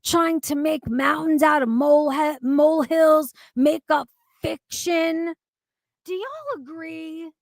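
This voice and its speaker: Woman streamer, high voice, gravelly fry, heated profane rant, dry close sound. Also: steady tone, slow pace, dry recording. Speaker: stream host. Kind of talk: ranting commentary stream.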